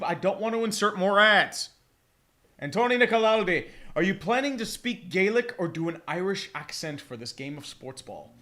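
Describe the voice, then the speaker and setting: A man calling a football game play-by-play on a live fan stream, excitable and profane, chatting with his viewers between plays. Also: a little high. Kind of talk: live watch-along commentary.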